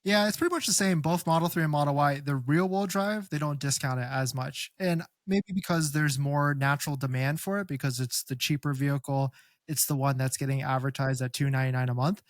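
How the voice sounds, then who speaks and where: A man speaking as an expert guest, explaining car-buying tips in a casual, animated way and acting out customers. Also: on the high side, no room sound, studio quality. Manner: animated, quick explainer who acts out customers. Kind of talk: casual conversational advice.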